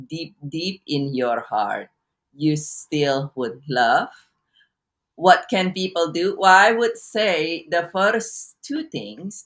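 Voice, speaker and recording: A woman coach talking as an interview guest on a video call, halting with many restarts and repeats as she teaches through a story. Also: deep voice. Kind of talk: casual interview talk.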